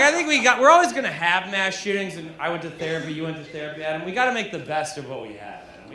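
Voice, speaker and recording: Young male stand-up, tipsy deadpan delivery, slightly high voice, live club room with crowd noise. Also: roomy sound. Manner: deadpan, mock-earnest, addresses the crowd. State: drunk. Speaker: stand-up comedian. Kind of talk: stand-up comedy set with crowd banter. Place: comedy club stage, audience laughing. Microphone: handheld stage mic.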